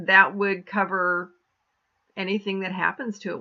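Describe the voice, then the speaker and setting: A woman's voice: mid-range voice, steady tone, moderate pace, pushed and bright, dull audio. A middle-aged woman, an author, explaining car insurance in a chatty, conversational vlog style.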